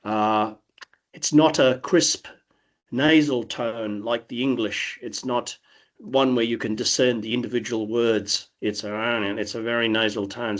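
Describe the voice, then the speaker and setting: A man's voice: mid-range voice, steady tone, measured pace. An Australian man with a nasal tone, answering interview questions thoughtfully with frequent restarts. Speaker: interview guest. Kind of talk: conversational interview.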